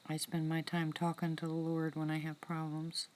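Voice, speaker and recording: A woman hosting a casual live-stream chat with viewers from outdoors in the woods at night. She talks softly into a phone, often slipping into whispers, chatty and heartfelt. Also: sits low, monotone, normal speed. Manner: soft-spoken, drops into whispers, chatty and heartfelt.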